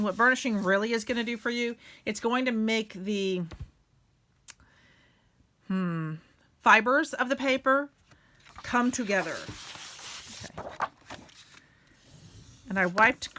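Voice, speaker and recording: A woman's voice: on the high side, bright, forceful tone. A middle-aged woman, hosting a casual craft tutorial and chatting while she works. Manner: chatty, self-deprecating, talks while working.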